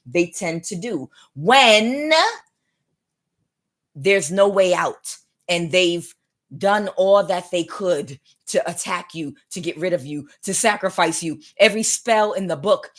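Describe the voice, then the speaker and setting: A woman giving a live tarot reading, talking in a rambling, repetitive way and speaking straight to her viewers. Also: fairly low pitch. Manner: rambling and repetitive, many restarts; addresses viewers directly. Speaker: tarot reader.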